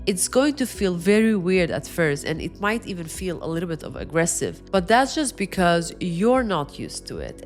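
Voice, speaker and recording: A woman coaching viewers on how to speak with authority, with a firm, emphatic delivery, demonstrating the points out loud. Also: on the low side. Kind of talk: direct-to-camera advice lesson.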